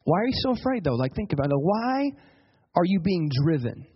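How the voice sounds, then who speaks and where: A pastor preaches with a very high, husky voice, pressing his congregation with questions and acting out what people say. The sound is dull and lo-fi. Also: a little fast. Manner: animated, asks the congregation questions, acts out quotes. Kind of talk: sermon.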